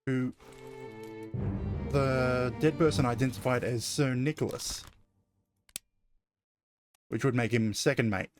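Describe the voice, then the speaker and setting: A man's voice: medium pitch, fairly even intonation, takes it slowly, pauses often, soft background music. A man playing a video game and thinking aloud in casual commentary, often correcting himself. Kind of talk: let's-play commentary.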